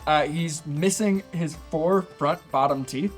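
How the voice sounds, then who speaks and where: A dungeon master's voice, a man with a fairly high pitch narrating a tabletop session in a loose, rambling way full of fillers. Soft music sits faintly under his talk. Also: takes it slowly. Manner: casual, rambling, many fillers.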